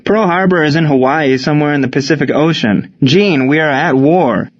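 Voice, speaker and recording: A man's voice: a little high, moderate pace, dull audio, voice pushed up, close to an everyday voice. A man voicing a hot-tempered young man who is eager to go to war and speaks in an agitated way. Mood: fired up. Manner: shouting, agitated.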